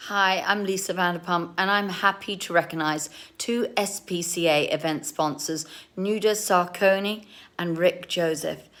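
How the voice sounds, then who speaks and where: Gracious woman, low voice. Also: steady tone, unhurried, hardly any pauses, fairly bright tone. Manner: gracious, polished delivery. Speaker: celebrity presenter. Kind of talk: scripted thank-you message.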